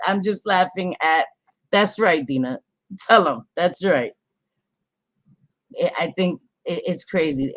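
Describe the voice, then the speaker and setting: A woman's voice: fairly low pitch, dry recording. A woman hosting a casual livestream, chatty and apologetic, often breaking off to apologize to her viewers. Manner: chatty, apologetic, easily interrupted. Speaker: livestream host. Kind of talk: casual live commentary.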